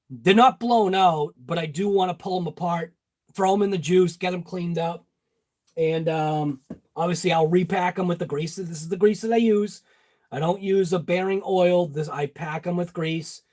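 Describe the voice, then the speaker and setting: A jokey, high-voiced man from Massachusetts hosts a channel from his home garage workshop, chatting casually and addressing viewers by name.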